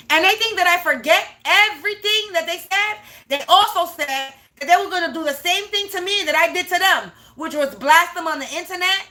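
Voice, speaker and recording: A woman's voice: very high-pitched, a little fast, few pauses, sharp tone. A woman spiritual reader talking to camera in an unscripted, profane rant, stressing points by repeating them. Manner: profane, emphatic, repeats herself. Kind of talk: unscripted ranting monologue.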